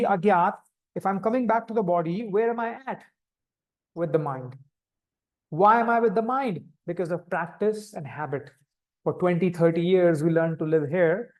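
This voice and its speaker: A man with an Indian English accent giving calm, step-by-step meditation instructions to a group over a video call. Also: on the high side. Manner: calm, step-by-step instructing, demonstrating vocal sounds. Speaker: meditation teacher. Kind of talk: live online meditation instruction.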